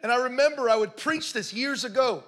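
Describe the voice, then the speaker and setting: A man telling a story in a sermon, passionate and building to shouts as he preaches. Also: very high-pitched, brisk.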